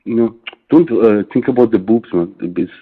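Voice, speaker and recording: A man calling into a debate, speaking haltingly with many hesitant filler pauses. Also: fairly low pitch, breathy edge, soft background music. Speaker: caller. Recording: tinny phone line.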